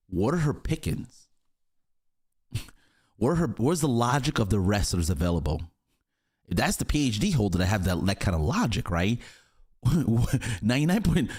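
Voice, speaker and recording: Animated man rambling through reaction commentary. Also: lowish voice. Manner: animated, rambling, chuckling asides. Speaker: reaction video host.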